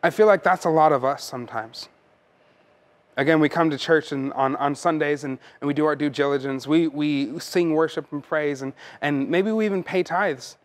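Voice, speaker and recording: A man with a higher voice speaks at normal speed while preaching a sermon as pastor. He is earnest and conversational, often repeating words as he goes.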